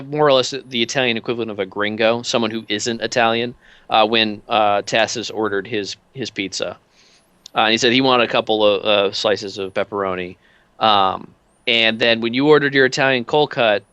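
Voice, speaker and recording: Guy gm-ing a tabletop game, bright voice, lots of ums and uhs. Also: mid-range voice, clean tone, no echo. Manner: casual, halting with many fillers. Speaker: game master.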